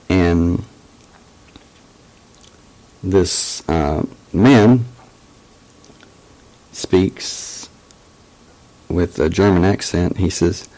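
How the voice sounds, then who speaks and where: A man's voice: low-pitched, drawn-out words, creaky, long pauses, mellow, rough recording. A man casually telling a personal story as a channel host, hesitant, with many fillers and restarts.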